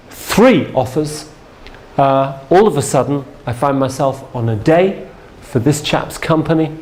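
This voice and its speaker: A man's voice: on the high side, darkish tone. A man giving a sales training seminar from a stage, telling a story in a chatty way and checking in with the audience. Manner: anecdotal, chatty, checks in with "yeah?".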